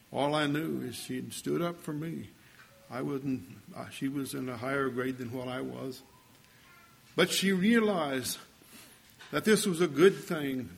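A man's voice: medium pitch, vocal fry, a little hiss or hum. An older man preaching a sermon, telling a story in a folksy way and building to fervent exhortation.

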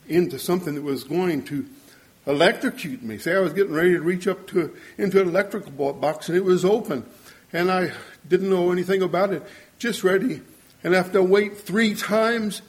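An older man preaches a sermon in a voice that sits a little high for a man. He tells his stories earnestly and leans on repeated words for emphasis. He acts out the voices of the people in them. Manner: storytelling, acting out quoted voices.

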